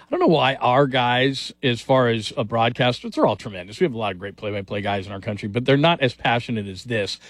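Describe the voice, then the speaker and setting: A man's voice: medium pitch, quick pace, few pauses, dry recording. Brief: male sports radio host, upbeat and rambling, close dry mic. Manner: energetic, rambling, enthusiastic.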